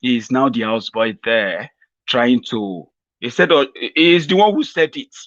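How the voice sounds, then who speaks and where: A man's voice: mid-range voice, expressive, normal speed, a bit bright, no echo. Nigerian male vlog host, sarcastic rambling commentary, dull dry sound. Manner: sarcastic, rambling, laughing at his own jokes. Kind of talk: mocking political commentary vlog.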